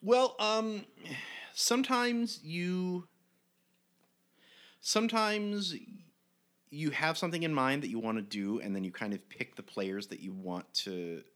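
A man and game master telling a story in an interview, animated and rambling with frequent restarts. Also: lowish voice.

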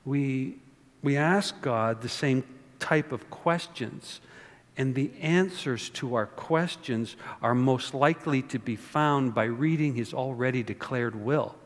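A pastor giving a conversational sermon, often repeating words and asking his listeners rhetorical questions. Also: mid-range voice. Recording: long reverb of a hall.

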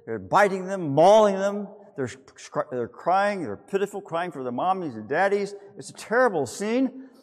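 A man with a fairly high voice delivers a sermon, and his pitch swings widely as he acts out the scene. He tells the story vividly and keeps asking his listeners rhetorical questions. A long reverb trails behind his voice. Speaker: pastor.

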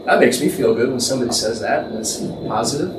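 A man's voice: mid-range voice, lively intonation, fast. A man teaching from the Bible in a conversational, thinking-aloud way, imagining the scene and correcting himself as he goes. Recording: echoey room, distant mic, faint background noise.

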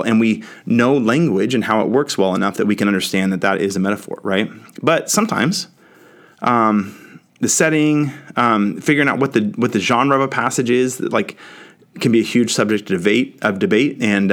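A man teaching a Bible lesson in a casual, conversational way, often checking in with the listener. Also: fairly low pitch.

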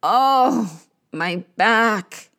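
A high, strained moaning voice of an underworld queen goddess, as a woman storyteller puts her on. She groans each word slowly and drags out her sighs. It is a spoken myth for listeners. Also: sing-song.

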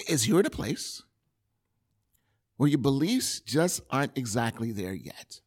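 A man preaching a sermon, animated and repetitive, asking rhetorical questions. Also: on the high side, husky. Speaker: pastor.

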